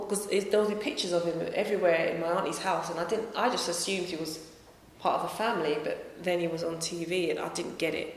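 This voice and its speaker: A woman singer, answering interview questions in a conversational way, often correcting herself. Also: fairly low pitch. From England. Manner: conversational, self-correcting, lively tangents. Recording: echoey room with long reverb.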